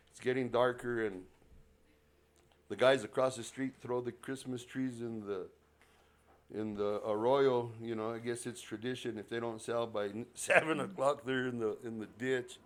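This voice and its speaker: A man's voice: medium pitch, moderate pace. A man from northern New Mexico telling a personal story to a live audience at a library, acting out the dialogue and chuckling often. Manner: lively, acts out both sides of a dialogue, chuckles often. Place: public library event room.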